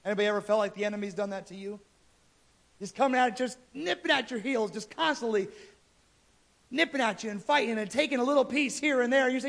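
Man, preacher, very high voice, casual animated sermon storytelling. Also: fast, creaky. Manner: casual, animated retelling of scripture.

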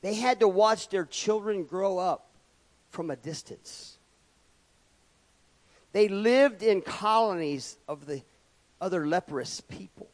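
Preacher, male, high voice, unhurried delivery, big swings from loud to hushed, reverberant church hall. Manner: dynamic, swings between loud emphatic rises and quiet drops. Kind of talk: sermon.

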